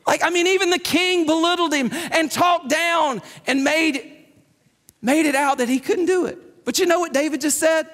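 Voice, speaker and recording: A man's voice: extremely high pitch, moderate pace, fairly bright tone. A man preaching a sermon in an emphatic, conversational way, repeating his key points. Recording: long hall reverb.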